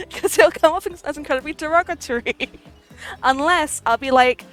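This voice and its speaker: A woman's voice: sits high, normal speed. A woman streaming a game live, chatting playfully with viewers, giggling often, and reading the game's text aloud. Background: faint game music.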